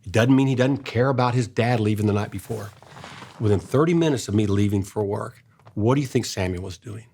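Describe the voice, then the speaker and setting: An older man, telling an earnest personal story in a casual way, going soft and hushed when he quotes his own gentle words. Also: fairly low pitch, fairly quick, slight background noise. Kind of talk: casual storytelling in a faith-based talk.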